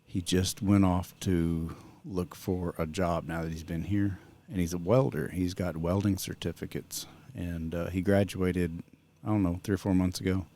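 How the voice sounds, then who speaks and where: A man's voice: deep voice, fairly even intonation, normal speed, warm tone. A middle-aged man vlogging in a casual, rambling chat that drifts onto sidetracks.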